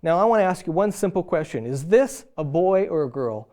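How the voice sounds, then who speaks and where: Middle-aged male preacher, warm and mellow, lively storyteller who acts out both sides of a quarrel. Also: on the high side, a little fast. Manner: animated storyteller acting out both spouses. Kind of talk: sermon on marriage.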